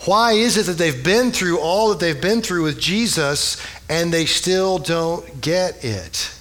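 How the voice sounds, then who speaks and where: A man's voice: a little high, takes it slowly, a bit bright. A man preaching a conversational sermon, retelling scripture with humorous asides and rhetorical questions. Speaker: pastor.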